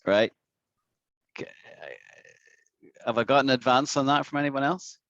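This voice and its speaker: A man's voice: mid-range voice, fairly even intonation, a bit bright, no echo, lo-fi sound. Patient man teaching online, dry sound. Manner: patient, repeats words slowly for practice. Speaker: English teacher. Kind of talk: online English lesson. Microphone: video call.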